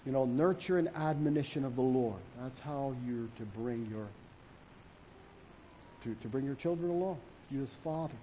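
A man preaching as a pastor in an earnest, halting way, with many restarts and fillers. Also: medium pitch, mellow, a little hiss or hum. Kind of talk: sermon.

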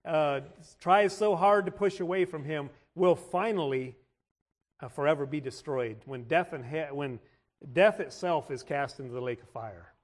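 A man preaching a sermon in a church service, often restarting and repeating his words and clearing his throat. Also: a little high, normal speed.

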